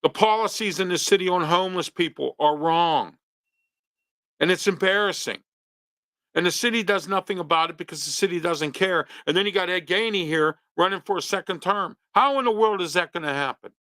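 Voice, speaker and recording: A man's voice: sits high, fairly quick, bright, forceful tone, dry recording. A man from hosting a local talk show, ranting his opinions with pointed rhetorical questions. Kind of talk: opinionated monologue.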